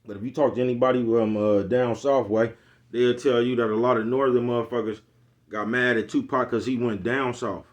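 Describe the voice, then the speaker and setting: A man with an East Oakland accent talks straight to his viewers in a loose, profane rant. His pitch sits at an ordinary middle, and he keeps asking whether his listeners follow him. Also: steady tone, a little fast. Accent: Bay Area Black American English. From East Oakland, California. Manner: blunt, profane street talk, repeats "you know what I'm talking about". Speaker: vlogger. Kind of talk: casual monologue.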